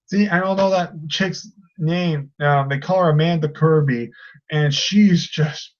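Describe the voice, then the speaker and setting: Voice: medium pitch, a little slow, a little mellow, muffled recording. A video reviewer in a casual vlog, ranting in an exasperated way with many fillers. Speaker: film reviewer.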